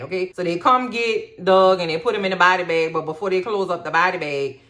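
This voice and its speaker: A woman's voice: lowish voice, brisk, few pauses, soft background music. Sassy woman recapping TV with slang. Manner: sassy, animated, acts out characters in slangy asides. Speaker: TV recap host. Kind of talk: casual comedic TV recap.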